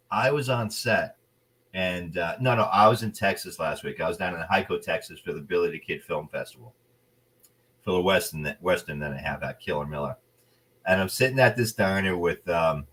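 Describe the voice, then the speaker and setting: A man's voice: low voice, moderate pace, far from the mic. A man with a New Jersey accent, an actor telling blunt, playful stories in a casual interview. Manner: animated storyteller, playful and blunt. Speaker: actor guest.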